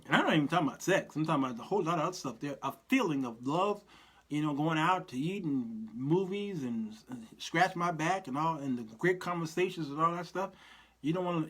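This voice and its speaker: Laughing folksy male show host. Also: on the high side. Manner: folksy, preacherly, laughs often. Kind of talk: casual live-show monologue.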